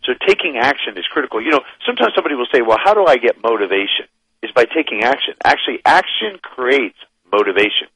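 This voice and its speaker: A man talking as a guest expert in a radio interview, explaining with animated emphasis. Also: medium pitch, quick pace, slightly rough, no room sound, rough recording.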